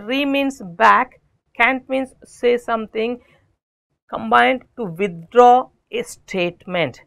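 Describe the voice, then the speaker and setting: A woman teaching vocabulary, explaining each word slowly with synonyms and examples. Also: a little high, vocal fry, a bit bright. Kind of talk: recorded vocabulary lesson.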